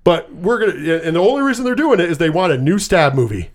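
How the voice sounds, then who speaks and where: A man's voice: a little high, expressive, fast talker. Profane, rambling man recapping a movie. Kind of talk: casual movie recap chat.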